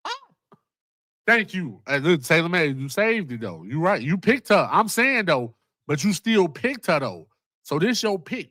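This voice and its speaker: A man hosting a casual commentary vlog, excitable and profane, often repeating himself. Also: a little high, no echo, studio quality. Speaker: host.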